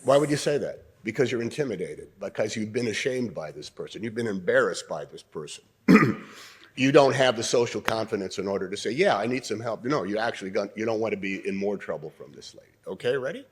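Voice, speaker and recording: An older man giving an audience an acting exercise, coaching them and trying out lines in different tones, often clearing his throat. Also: on the low side, expressive, brisk. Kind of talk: interactive acting lesson in a lecture. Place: university debating hall.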